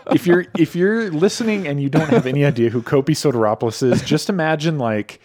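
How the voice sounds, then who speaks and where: A man on a casual podcast reacting quickly and telling an animated anecdote. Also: on the high side. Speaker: podcast co-host. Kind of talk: casual chat.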